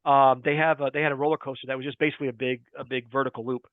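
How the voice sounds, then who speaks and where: A man's voice: mid-range voice, level tone, very fast, dry recording. A man guesting on a podcast, a chatty storyteller who laughs often in casual talk. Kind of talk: casual chat. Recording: tinny phone-like line.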